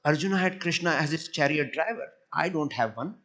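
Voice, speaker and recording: A man's voice: fairly high pitch, fairly quick, a bit bright. Earnest man giving a devotional talk. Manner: earnest, repeats words while searching for phrasing. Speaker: temple speaker.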